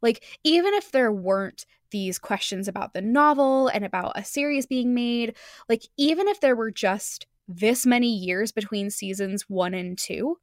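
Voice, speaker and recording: Brief: female podcast host, slightly high voice, dry close sound, eager and halting. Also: no room sound. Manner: enthusiastic, halting restarts, laughs often. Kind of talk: casual podcast chat.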